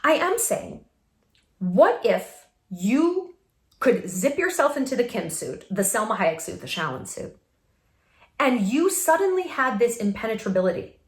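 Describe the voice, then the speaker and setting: In an echoey room, a vlog host delivers a relaxed motivational talk to camera, stressing her points and laughing frequently. Her fairly high voice is sing-song and unhurried.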